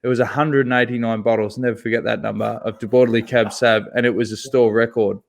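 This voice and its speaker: Male podcast co-host, mid pitch, animated profane storyteller. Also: quick pace, creaky. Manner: animated, swears freely, laughs through his own story. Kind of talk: casual storytelling chat.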